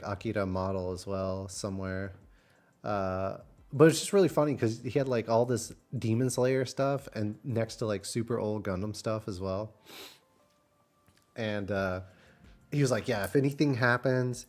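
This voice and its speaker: Animated young man telling a story. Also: fairly low pitch. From Texas, USA. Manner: animated, acts out quotes with big voice jumps. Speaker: streamer. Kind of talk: casual storytelling on stream.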